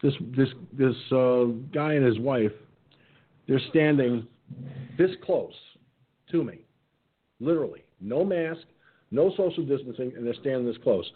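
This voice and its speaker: A man's voice: mid-range voice, a little slow, pauses often, breathy edge. A middle-aged man hosting an online radio talk show, telling a funny story in casual chat and acting out the other people's voices. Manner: animated anecdote-telling, acting out quotes. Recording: tinny phone-like line.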